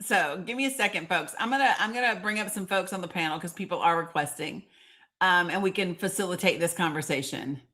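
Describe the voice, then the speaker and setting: A woman's voice: lowish voice, brisk, pushed and bright. A woman with a Northeast Tennessee accent hosting a live stream, chatting emphatically and calling out commenters by name. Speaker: livestream host.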